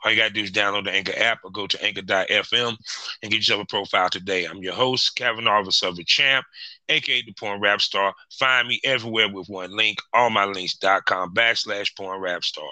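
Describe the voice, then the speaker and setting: A male podcast host with a lowish voice that still comes across very bright and forceful. He talks in a loose, chummy way, repeating his phrases as he chats and runs through sponsor reads. The sound is dry and close. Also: steady tone, a little fast, no echo, low-quality recording.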